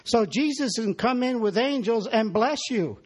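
A man's voice: very high voice, animated, a little slow, breathy edge. A man preaching a sermon in a church, exhorting the congregation and calling for their responses.

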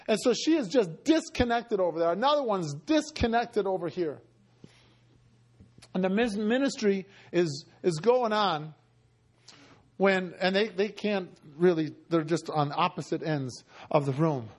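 A man preaching with a notably high voice. He tells his story with passion, often pushing up toward a cry before easing back down. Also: animated, measured pace. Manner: impassioned, often rising to a cry. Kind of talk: sermon storytelling.

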